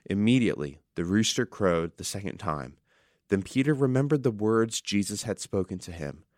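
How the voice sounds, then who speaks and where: A man's voice: on the low side, animated, moderate pace, a little mellow, no room sound, clean studio sound. A male pastor giving an earnest sermon, telling a story and reading scripture with dramatic emphasis.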